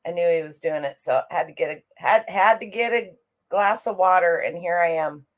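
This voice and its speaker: A woman's voice: fairly low pitch, normal speed. A middle-aged woman hosting a casual livestream, chatty and upbeat as she greets viewers by name. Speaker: livestream host greeting chat.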